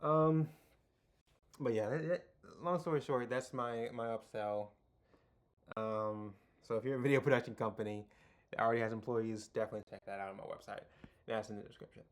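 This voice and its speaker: A man's voice: medium pitch, steady tone, fairly quick. A young man hosting a casual video tutorial, rambling with lots of fillers and restarts, and making self-deprecating jokes. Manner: self-deprecating, jokey asides.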